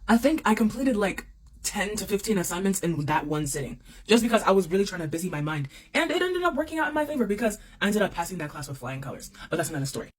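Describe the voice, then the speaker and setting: A young woman in a casual storytime monologue, talking straight to her viewers. She is expressive and leans on repeated phrases to drive a point home, at a middle pitch. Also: quick pace, slightly rough.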